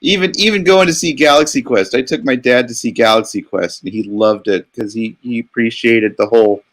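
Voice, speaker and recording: A man's voice: on the low side, brisk. A man co-hosting a stream, reminiscing casually with chuckles and many fillers. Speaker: co-host. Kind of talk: casual chat.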